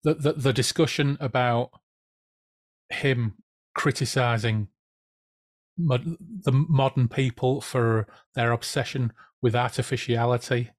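A man hosting a casual book podcast, relaxed and jokey, swearing now and then. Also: mid-range voice, a little slow. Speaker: podcast host. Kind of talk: casual book chat with read-aloud passages.

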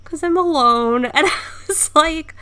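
A woman's voice: sits high, a little slow, bright, forceful tone. A woman co-hosting a podcast, telling a story in casual chat with lots of fillers and laughs. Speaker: podcast co-host.

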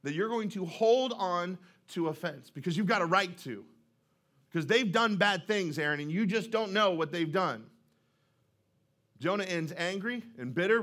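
A man's voice: high-pitched, fairly bright tone. A male pastor preaching a sermon in a church, in a conversational way, often putting questions to the congregation.

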